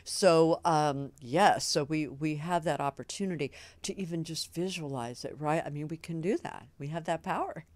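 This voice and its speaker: Woman host, low-pitched, bubbly and gushing in casual interview chat, dry recording. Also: normal speed, hardly any pauses, a little mellow, dry recording. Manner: enthusiastic, effusive, laughs often. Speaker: talk show host.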